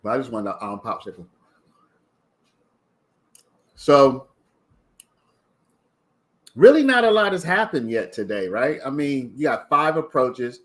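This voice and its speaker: A man's voice: medium pitch, big pitch swings, moderate pace, pauses often. A man from Maryland hosting a casual livestream, chatting and reading out viewer comments. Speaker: livestream host.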